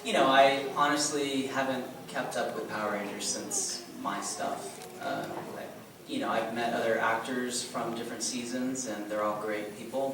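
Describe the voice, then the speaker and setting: A man answering fan questions as a convention panel guest, easygoing and chatty with plenty of ums. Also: fairly low pitch. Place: large convention hall. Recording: very echoey hall, distant mic, audience noise.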